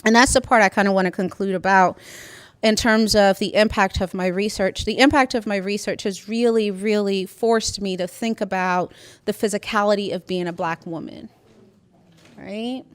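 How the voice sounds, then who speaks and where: A woman's voice: mid-range voice, fairly even intonation, normal speed, clear, resonant tone, no echo. A woman academic giving a conference panel talk, emphatic and speaking directly to the audience, checking in often with tag questions. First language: immigrant.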